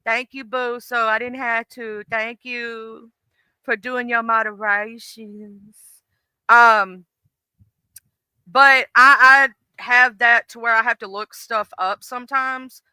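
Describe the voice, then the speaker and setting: A woman's voice: a little high, fairly even intonation, takes it slowly, sharp tone, smooth, dry recording. A middle-aged woman hosting a live stream in casual, rambling chat, full of fillers and restarts. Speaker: livestream host.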